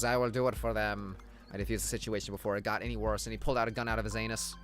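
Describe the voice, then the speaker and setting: A man streaming a game, reading its text aloud and riffing on it in a jokey, excitable way, swearing and often breaking into loud shouts. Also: mid-range voice, fast talker, soft background music. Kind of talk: let's play commentary and reading game text.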